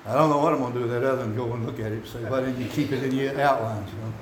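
Folksy preacher in an echoey church. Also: male voice, medium pitch, fairly even intonation, very fast, noisy background. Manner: rambling folksy preaching, rising to shouts. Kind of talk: sermon. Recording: echoey hall from far off.

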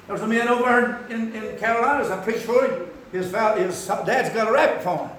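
A man preaching a rambling, folksy sermon that climbs into shouts. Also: high-pitched, a little fast, slight background noise. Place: church. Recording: echoey hall from far off.

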